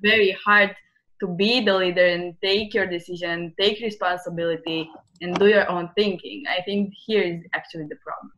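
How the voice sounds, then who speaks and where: A woman's voice: on the low side, fairly even intonation, moderate pace, fairly bright tone, muffled recording, slight background noise. A woman hosting a podcast, talking thoughtfully and searching for her words in a casual interview. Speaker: podcast host.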